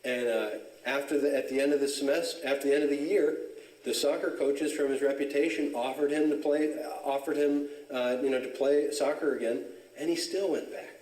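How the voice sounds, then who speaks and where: A man's voice: medium pitch, brisk. Man telling stories in an echoey church. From Southern California. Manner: relaxed storyteller, frequent fillers and chuckles. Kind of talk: casual religious talk with personal stories. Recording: echoey church, mic at a distance.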